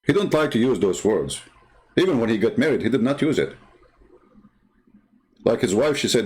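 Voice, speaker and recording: A man's voice: mid-range voice, sing-song, normal speed, long pauses, a little mellow. A man hosting a livestream, talking in a blunt, sarcastic and scornful way. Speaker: livestream host. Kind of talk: combative livestream commentary.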